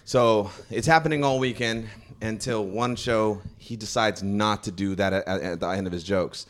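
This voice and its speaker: A man's voice: fairly low pitch, normal speed. A man telling a rambling story in a casual podcast chat among comedians. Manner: rambling storytelling with laughs and restarts. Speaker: podcast co-host.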